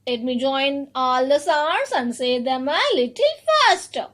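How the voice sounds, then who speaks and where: A woman teaching an online phonics class to young children, sounding words out slowly, repeating each one and calling the children "my dear children". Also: sits high. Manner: addresses children warmly as "my dear children".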